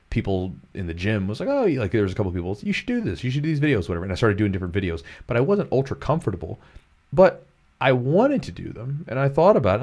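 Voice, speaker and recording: Low-voiced guy from kentucky, earnest pep-talk podcast chat, keeps repeating himself. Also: darkish tone. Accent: neutral American, former Kentucky twang trained away. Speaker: podcast host, jiu-jitsu coach.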